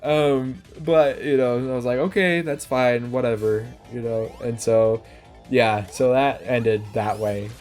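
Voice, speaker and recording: A man's voice: mid-range voice, fairly even intonation, a little slow, a little mellow, faint music behind. A young man telling a casual personal story, rambling, laughing often and stumbling over his words. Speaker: vlogger.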